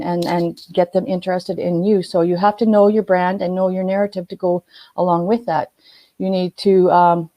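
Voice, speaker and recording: A woman on a casual live stream giving business tips to viewers, halting often with ums and restarts while glancing at notes. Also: mid-range voice, warm tone, no echo. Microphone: phone or webcam, looking at notes.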